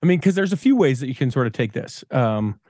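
A man's voice: medium pitch, sing-song, quick pace, dark tone, no room sound, clean studio sound. A man hosting a podcast, posing long questions full of "you know" and "sort of" asides. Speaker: podcast host. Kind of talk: conversational podcast interview.

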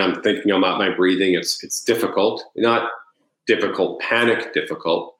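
A man's voice: deep voice, fairly bright tone, roomy sound, rough recording. A man telling a personal story at length. He rambles, repeats words and acts out his own past thoughts. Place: Los Angeles.

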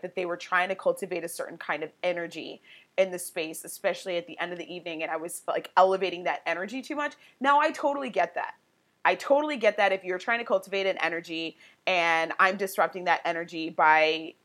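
A woman's voice: on the low side, a bit bright. Woman on a podcast telling a story, lots of "like" and "you know", candid and open. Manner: conversational, heavy use of "like" and "you know". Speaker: podcast guest, coach. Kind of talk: personal storytelling in a podcast interview.

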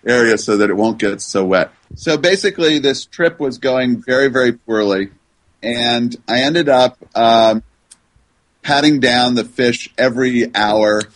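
A man's voice: mid-range voice, measured pace, low-quality recording. An older man, a guest researcher, telling a funny anecdote in a podcast interview with many fillers and restarts.

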